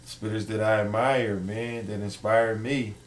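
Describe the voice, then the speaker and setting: A man with a fairly low voice talking easily about his favourites, trailing off into fillers. A faint hiss of noise sits under the recording. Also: a little slow. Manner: relaxed, rambling, many fillers. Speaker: guest rapper. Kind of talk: casual chat.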